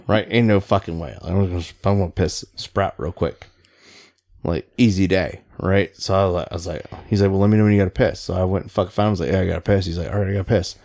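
Middle-aged man, low voice, profane rambling storyteller, casual podcast chat. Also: fairly even intonation, fast talker, darkish tone. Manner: profane, rambling, laughs through stories. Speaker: Navy veteran storyteller.

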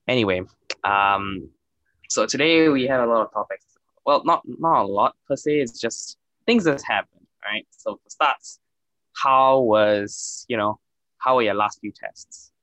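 A man's voice: medium pitch, measured pace, bright, forceful tone, dry recording, rough recording. A young man co-hosting a podcast in casual, joking chat, swearing freely and using lots of fillers. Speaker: podcast co-host.

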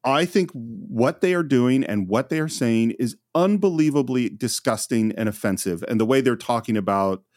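Brief: male film podcast host, emphatic and animated, dry close mic. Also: mid-range voice, normal speed, few pauses, no room sound. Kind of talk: casual chat.

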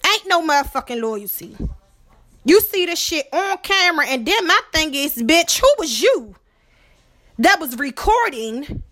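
A woman's voice: sits high, big pitch swings, a little slow, fairly bright tone. A woman podcast host in a heated, profane monologue, tagging her points with "okay?". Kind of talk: ranting monologue to camera.

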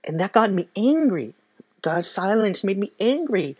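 Woman, personal testimony; soft-spoken, halting, reflective, and very slow-paced. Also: medium pitch, big pitch swings, breathy edge, no room sound. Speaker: speaker sharing a faith testimony.

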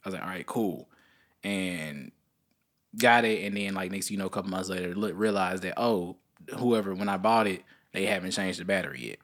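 A young man co-hosting a podcast, chatting casually and telling a long story, often jumping into high voices to quote people. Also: fairly quick. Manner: animated storyteller, jumps into high-pitched voices when quoting people. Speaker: podcast co-host.

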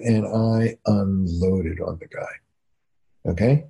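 Man, older, from new jersey, emphatic storyteller, mellow voice. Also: medium pitch, expressive, moderate pace. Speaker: couples therapist. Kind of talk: casual podcast conversation.

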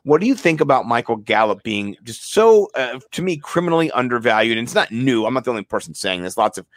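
Man, podcast co-host, excitable rambling chat, mid-pitched voice, dry close sound. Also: quick pace, no room sound. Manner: rambling, excitable, repeats words, plugs sponsors. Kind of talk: casual sports podcast chat.

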